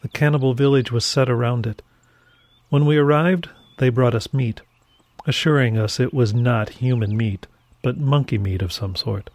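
A man narrating a first-person horror story in a measured, dramatic storytelling manner. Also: medium pitch, a little mellow, dry recording.

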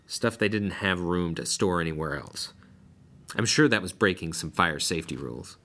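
A man's voice: sits low, fairly bright tone. A man narrating a first-person horror story in a blunt, wry, profane way. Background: faint music.

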